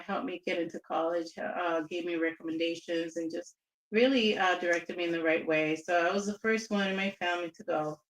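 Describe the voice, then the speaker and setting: A woman's voice: fairly low pitch, fairly bright tone, roomy sound, low-quality recording. A woman from Southern California, a guest in a casual interview, telling stories in a chatty, reflective way with restarts.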